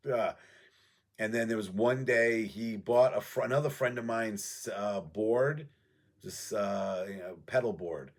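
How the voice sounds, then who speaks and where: Offhand, swearing man with a low voice. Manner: profane, offhand, reminiscing. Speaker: music show host. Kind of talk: casual rambling storytelling.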